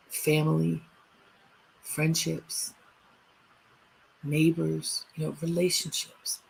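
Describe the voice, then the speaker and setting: A woman's voice: on the low side, vocal fry, darkish tone, breathy edge, rough recording. A woman hosting a live inspirational broadcast, speaking earnestly and urging listeners on with repeated short commands. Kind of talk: motivational livestream talk.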